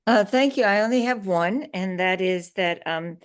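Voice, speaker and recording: A woman on a town committee, raising a concern carefully and deliberately in a meeting. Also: medium pitch, clean tone. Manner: deliberate, careful, hesitant phrasing. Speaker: committee member.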